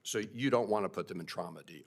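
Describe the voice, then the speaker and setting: Man, senator, hearing questioning, low voice, pressing tone. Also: racing, vocal fry. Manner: pointed, pressing.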